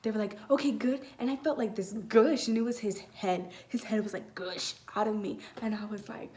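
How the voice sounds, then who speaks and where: A woman's voice: medium pitch, fairly even intonation, brisk, a little mellow. A teenage girl telling a personal story in a casual vlog, rambling with many fillers and restarts. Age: late teens. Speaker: vlogger.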